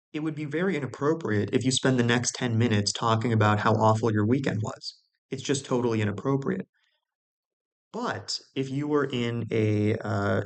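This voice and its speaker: Man explaining, peppering talk with "right?". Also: fairly low pitch. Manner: conversational, many restarts and "right?" checks. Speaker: video host.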